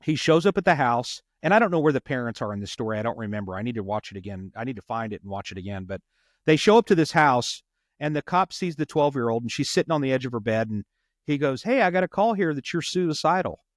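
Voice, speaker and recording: A man with a voice of ordinary middle pitch tells a long story in an earnest way and doubles back on his words. The sound is dry and close, with no room around it. He talks like a police officer chatting on a podcast. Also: lively intonation, quick pace, dry recording. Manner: earnest, repeats words while retelling a story. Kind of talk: conversational storytelling.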